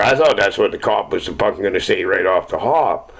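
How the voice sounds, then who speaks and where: A man's voice: low voice, animated, fairly quick, creaky, fairly bright tone, low-quality recording. A middle-aged man telling rambling, profane stories in casual chat. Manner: rambling, swears constantly, chuckles at own stories.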